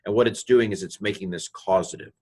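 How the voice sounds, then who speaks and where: A man's voice: on the low side, brisk, darkish tone, slightly rough. An older man giving a recorded Hebrew grammar lesson, rambling and joking at himself, with many fillers and restarts. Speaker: Bible and Hebrew teacher.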